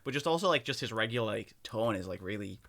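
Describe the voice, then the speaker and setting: Bright-voiced guy chatting casually. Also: lowish voice, fast, gravelly. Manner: relaxed, swears casually, many filler likes. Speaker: reaction video host. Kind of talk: casual reaction chat.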